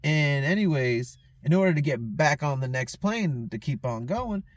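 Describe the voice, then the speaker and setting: A man's voice: a little high, animated, moderate pace, no echo, studio quality. A tipsy man hosting his own show, telling a story in a heated, profane rant and often asking "you know what I'm saying". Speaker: host.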